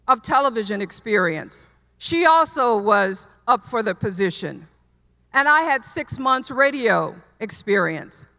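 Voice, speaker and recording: A middle-aged woman with a high, bright voice delivers a commencement address in earnest storytelling form, leaning on repeated lines for emphasis. Her words ring out with a long reverb in a large hall. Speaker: commencement speaker. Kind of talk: commencement speech. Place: large hall, live audience.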